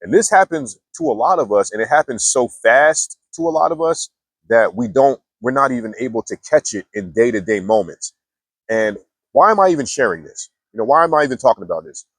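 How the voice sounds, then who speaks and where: Young male vlogger, mid-pitched, casual and slangy, full of restarts, dry close mic. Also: big pitch swings, brisk, slightly rough, no room sound. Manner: laid-back slangy talk with many restarts. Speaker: mindfulness vlogger. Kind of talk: casual storytelling monologue.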